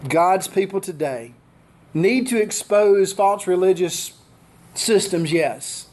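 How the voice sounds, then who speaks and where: High-voiced older man preaching. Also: slow, darkish tone. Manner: preaching with repeated rhetorical questions. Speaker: pastor. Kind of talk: sermon.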